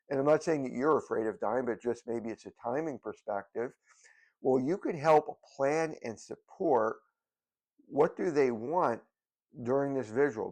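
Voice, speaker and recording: A man's voice: medium pitch, a little mellow. An older man, a hospice nurse, talking casually to the camera, rambling with many fillers and restarts. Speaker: hospice nurse training as a death doula.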